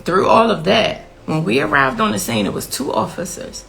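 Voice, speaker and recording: Gravelly, bright-voiced grieving mother. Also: mid-range voice, lively intonation, moderate pace, a little hiss or hum, low-quality recording. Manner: blunt and impassioned, repeats for emphasis. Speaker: victim's mother telling her story. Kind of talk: personal interview account.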